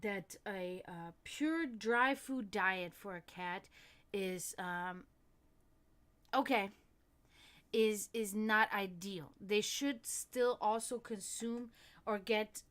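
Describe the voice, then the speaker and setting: Laughing, swearing woman chatting on stream. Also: mid-range voice. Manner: rambling, swears often, laughs a lot. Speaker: stream host. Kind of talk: casual livestream chat.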